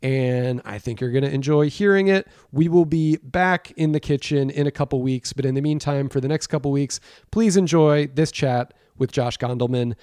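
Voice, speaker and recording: A man's voice: mid-range voice, normal speed, darkish tone, smooth, no room sound, studio quality. A man hosting a cooking podcast, talking in a rambling, enthusiastic way that often breaks off and restarts. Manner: rambling, enthusiastic, self-interrupting. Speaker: podcast host. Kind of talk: casual podcast chat.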